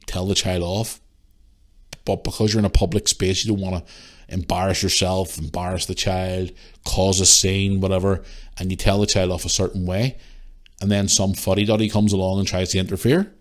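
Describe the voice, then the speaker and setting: A young man, hosting a podcast and telling a story in an animated, swearing rant. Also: deep voice. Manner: animated ranting, swears freely. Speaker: podcast host. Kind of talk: casual storytelling monologue.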